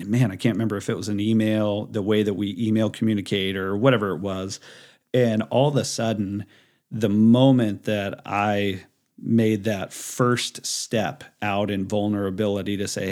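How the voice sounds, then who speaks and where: A man's voice: lowish voice, flat delivery, normal speed, a little mellow. A man in his forties, a business owner, talking casually as a podcast guest, with a loose story-telling style full of restarts. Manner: rambling storyteller with many fillers and restarts. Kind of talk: casual interview talk.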